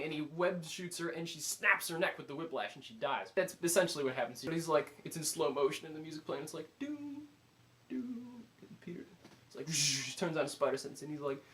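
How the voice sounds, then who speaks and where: Animated man with a higher voice. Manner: animated, filler-heavy, acts out his own reactions. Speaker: movie reviewer. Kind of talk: casual spoken movie review.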